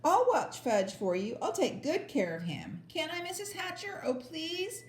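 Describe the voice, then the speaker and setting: A woman voicing a bossy know-it-all schoolgirl in a storybook reading, shrill and pushy. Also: huge pitch swings, measured pace, roomy sound, full character voice. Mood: pleading.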